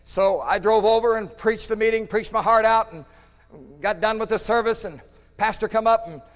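A man preaching a storytelling sermon, swinging between loud emphatic bursts and hushed tones. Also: high voice, moderate pace, long reverb tail.

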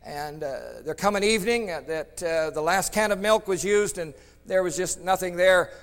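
A man preaching a storytelling sermon, swinging between loud emphatic bursts and hushed tones. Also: high voice, normal speed, clean tone, in a large hall.

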